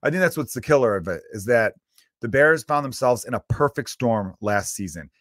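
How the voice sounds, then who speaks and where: A man's voice: medium pitch, lively intonation, a little fast, fairly bright tone, no room sound, studio quality. A man hosting a solo podcast, ranting in a loose, profane, exasperated way with lots of fillers. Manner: loose, rambling with many fillers. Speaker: podcast host.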